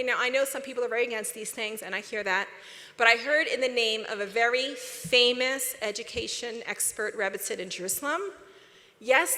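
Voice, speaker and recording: Middle-aged woman speaker, lively and direct, fairly high voice, reverberant hall. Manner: lively, direct, drops to a whisper. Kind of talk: motivational talk to an audience. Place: large convention hall.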